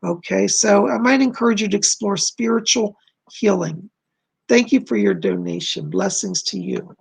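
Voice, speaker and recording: A man doing live psychic readings on a stream, talking in a gentle, reassuring, chatty way to his viewers, and his voice is going hoarse. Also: sits high, normal speed. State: losing his voice.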